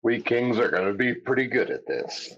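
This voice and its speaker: A man's voice: mid-range voice, very animated, normal speed, a bit bright. Hesitant man on a dull mic. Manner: hesitant, filler-heavy. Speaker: player. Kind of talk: casual tabletop play.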